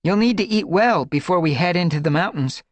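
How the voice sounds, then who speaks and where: A man voicing a brave, eager young female apprentice cat in an audiobook, calling out brightly and urgently. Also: high-pitched, animated, a little fast, dry recording, pitched above the performer's own voice.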